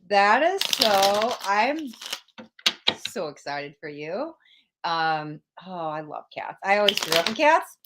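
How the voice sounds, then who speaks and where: A woman's voice: mid-range voice, very animated, slow, background noise. A young woman hosting a live-stream tarot reading, emotional and gushing as she talks straight to her viewers.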